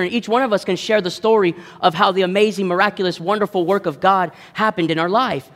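A man in his thirties, a pastor telling a self-deprecating story in a lively sermon. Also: sits high, fast talker, hardly any pauses. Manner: animated, self-deprecating, acts out voices in his stories. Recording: long hall reverb.

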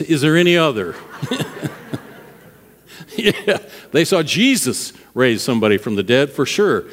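Conversational male pastor in a reverberant hall. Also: medium pitch. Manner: conversational, quizzes the congregation. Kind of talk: sermon. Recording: long reverb of a large hall.

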